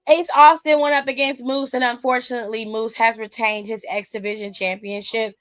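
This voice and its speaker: A woman's voice: fairly high pitch, steady tone, brisk, a bit bright, soft background music. A woman hosting a wrestling aftershow, recapping matches in a blunt, sassy, casual way full of slang.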